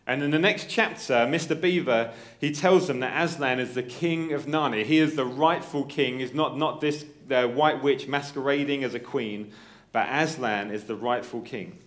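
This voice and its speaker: A man preaches in a relaxed, conversational way. His voice sits at a middle pitch, and he often pauses to check that his listeners are following. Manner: conversational, checks in with "right?" and "okay?"; reads story passages aloud in character voices. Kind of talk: sermon.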